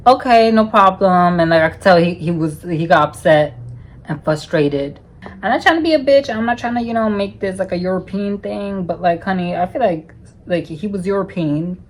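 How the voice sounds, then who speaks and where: A woman's voice: fairly low pitch, moderate pace. Sassy woman telling a raunchy story. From United States. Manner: sassy, profane, calls listeners honey constantly. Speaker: storytime vlogger. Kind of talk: casual storytelling.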